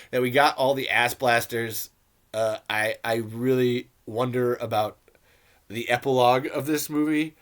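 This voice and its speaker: Brief: a male podcaster, mid-pitched, casual and profane, riffing on a film. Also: fairly even intonation, moderate pace, a bit bright. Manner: rambling, profane, joking. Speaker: podcast host. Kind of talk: casual movie commentary.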